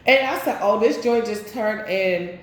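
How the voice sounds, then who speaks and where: A woman doing a tarot reading, talking in a loose, chatty, profane way with sudden loud bursts. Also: medium pitch, unhurried, slight background noise. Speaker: tarot reader. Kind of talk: casual spiritual reading and storytime. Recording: very echoey room.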